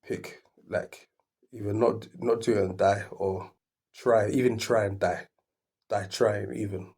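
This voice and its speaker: A man's voice: lowish voice, fairly even intonation, measured pace, darkish tone. A man hosting a reaction video, rambling as he thinks aloud and keeps restarting his sentences.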